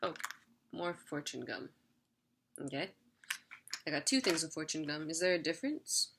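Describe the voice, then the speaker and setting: A woman's voice: deep voice, big pitch swings, moderate pace, vocal fry, background noise. A young woman vlogging an unboxing in a chatty, giggly way, sometimes talking while she eats. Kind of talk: casual unboxing chat.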